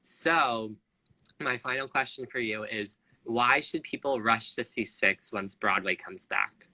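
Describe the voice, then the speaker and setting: A man hosting a casual live-stream interview over a video call. His voice is very bright and forward, and he talks in an effusive, gushing way. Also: medium pitch, measured pace, poor audio. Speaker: interviewer, social media host.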